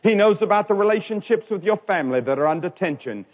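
A man preaching an evangelistic sermon, telling stories dramatically and swinging from loud cries to quiet lines. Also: expressive, quick pace. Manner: dramatic storytelling with sharp swings in pitch and loudness. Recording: dull lo-fi recording.

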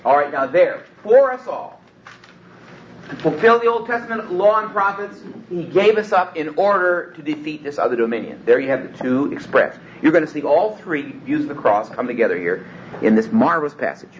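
This man lectures on the Bible in an expository style, his voice on the high side, animated and fairly quick. He speaks with emphasis yet keeps stopping and restarting sentences. Faint room hum runs under a dull, lo-fi recording.

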